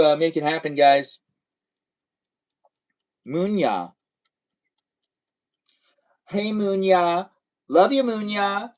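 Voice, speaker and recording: A man's voice: medium pitch, poor audio. A young man hosting a casual live stream, chatting playfully and answering viewers' comments.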